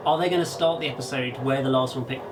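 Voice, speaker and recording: A man's voice: medium pitch, fast, very noisy. A man hosting a live reaction video, chatting casually and speculating aloud about what comes next. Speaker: host of a reaction channel.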